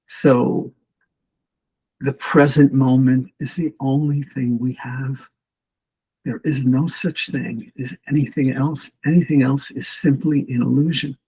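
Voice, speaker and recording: Male podcast guest, raspy and gravelly, earnest storyteller. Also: mid-range voice, steady tone, unhurried, mellow, rough recording. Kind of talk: storytelling in casual conversation.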